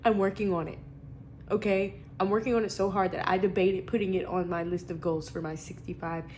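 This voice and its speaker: Sniffly young woman chatting to her vlog, kinda low voice, rambly and slangy, light hiss in the back. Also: steady tone, fairly quick, darkish tone. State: sniffly from allergies. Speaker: vlogger. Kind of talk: casual vlog chat.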